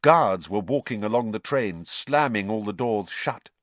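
A man reading an audiobook aloud, narrating in an expressive storytelling manner. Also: on the low side, a little slow, dry recording.

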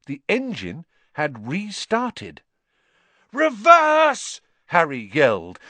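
A man narrating a story aloud, expressive and acting out the dialogue. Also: on the high side, no echo. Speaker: audiobook narrator. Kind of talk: scripted narration.

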